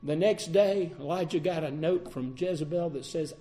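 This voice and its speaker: A man preaching a sermon, swinging between loud declarations and hushed passages. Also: fairly high pitch, normal speed.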